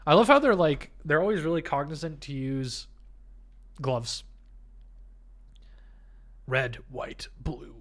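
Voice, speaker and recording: A man's voice: a little high, lively intonation, slow pace, pauses often. A sniffly man giving casual, profane let's-play commentary as he streams a video game, over game music. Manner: loose, profane, chatty.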